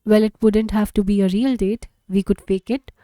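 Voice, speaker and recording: Woman reading as a shy teen boy on the phone, awkward and halting, mellow voice. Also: mid-range voice, fairly even intonation, no room sound, studio quality, lightly acted. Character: nervous teenage boy calling a girl.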